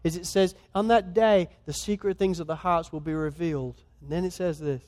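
A man with an Australian accent, a guest pastor preaching a sermon in a conversational, earnest manner that swings between soft and loud. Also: fairly high pitch, fairly even intonation, normal speed. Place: church. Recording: long hall reverb.

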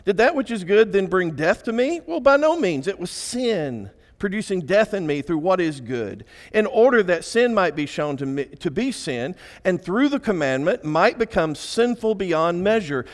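A man preaching a sermon, swinging between hushed and emphatic delivery. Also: sits high, big pitch swings, normal speed, hardly any pauses. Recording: echoey church hall.

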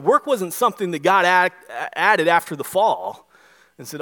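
A male pastor preaching a sermon, animated, acting out the voices he quotes. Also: sits high, moderate pace. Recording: long hall reverb.

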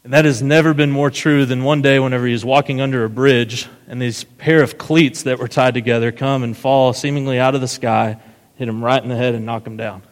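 A man's voice: medium pitch, fairly even intonation, fairly quick. A man giving a sermon as pastor, retelling a story casually and often asking "right?". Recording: long hall reverb.

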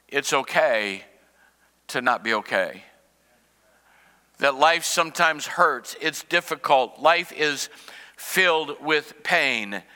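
A man preaches a sermon in a high, piercing voice that cuts through the room. He swings from fervent cries to quiet, low asides. The sound carries a long reverb, as in a large sanctuary. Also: smooth. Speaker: pastor.

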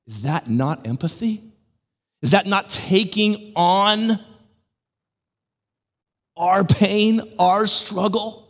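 A man preaching a sermon as pastor, swinging from loud, emphatic lines to hushed, near-whispered ones with long pauses in between. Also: sits high, big-room sound. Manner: slow, deliberate delivery with long dramatic pauses.

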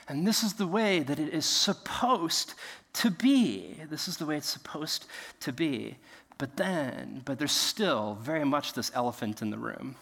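A male pastor preaching in a large echoing hall, with a bright and forceful voice. His pitch rises and falls a lot as he tells the story with energy. He acts out the voices of the people in it. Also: lively intonation, a little slow, gravelly, slightly rough. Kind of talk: sermon. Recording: long reverb of a large hall.

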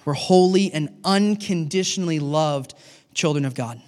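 Animated middle-aged preacher, high voice, reverberant hall. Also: male voice, normal speed. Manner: animated, acts out dialogue with God. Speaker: pastor. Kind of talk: sermon.

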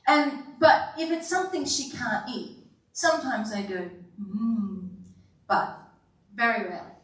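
A woman pastor delivering an animated sermon, acting out quotes with sighs and laughs. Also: sits high, normal speed. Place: church sanctuary. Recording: echoey hall, voice from far off.

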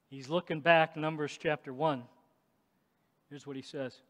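A male pastor with a fairly high voice preaches at an unhurried pace. He swings between forceful declarations and near-whispered asides. The sound rings with the long reverb of a large sanctuary. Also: steady tone. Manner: emphatic, swings between loud and hushed. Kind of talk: sermon.

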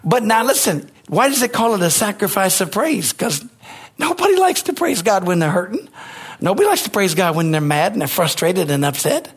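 A male pastor delivering a sermon in an emphatic, call-and-response style. His voice sits fairly high and has a husky edge. He keeps turning to the congregation for answers. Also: very animated, fairly quick.

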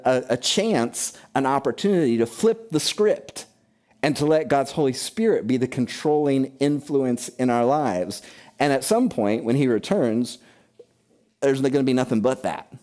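Low-voiced male pastor preaching animatedly. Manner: animated preaching with emphatic rises and drops. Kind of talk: sermon.

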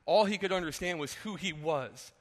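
A man's voice: high voice, moderate pace, in a large hall. A male pastor giving a sermon in a conversational way, often saying "like" as he explains. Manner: conversational, often says "like" and restarts.

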